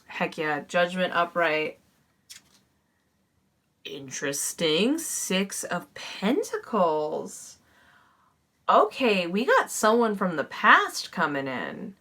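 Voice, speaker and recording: A woman's voice: on the low side, sing-song, a little slow, fairly bright tone. A woman giving a casual, upbeat tarot reading to camera. She talks chattily and often corrects herself mid-sentence. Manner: bubbly, chatty, with fillers and self-corrections. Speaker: tarot reader.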